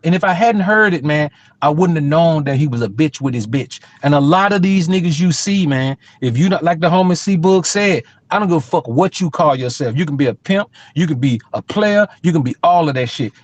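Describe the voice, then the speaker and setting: A man's voice: fairly high pitch, brisk, few pauses. A middle-aged man telling a street story in a casual, profane, emphatic way as a podcast co-host.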